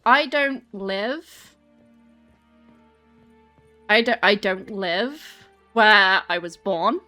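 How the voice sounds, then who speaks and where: An English woman streams from home while walking on a treadmill, chatting to viewers in a rambling, casual way. Her medium-pitched voice is expressive, pushed and bright, with drawn-out words, and soft music plays in the background.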